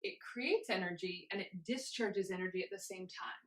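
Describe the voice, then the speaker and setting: A woman instructor leading a guided movement class, cueing each step gently and chanting rhythmic counts while moving along herself. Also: mid-range voice, moderate pace, echoey room, rough recording.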